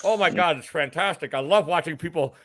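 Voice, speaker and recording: A man's voice: on the high side, brisk, fairly bright tone, no echo. A man co-hosting a gaming podcast in a brash, profane, mocking comedic persona. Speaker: podcast co-host. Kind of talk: comedic in-character banter.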